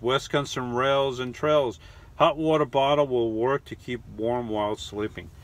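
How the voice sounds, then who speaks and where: A middle-aged man hosting a casual live chat, rambling and halting with lots of restarts and fillers. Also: fairly low pitch, slight background noise. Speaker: live stream host reading chat. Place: lives in New York.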